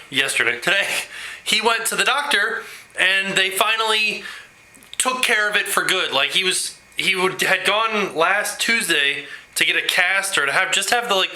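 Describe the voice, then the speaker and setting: A man talking in a rambling, animated way in a casual home video blog, quick to laugh. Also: high voice, rough recording. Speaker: vlogger. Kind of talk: casual vlog chat.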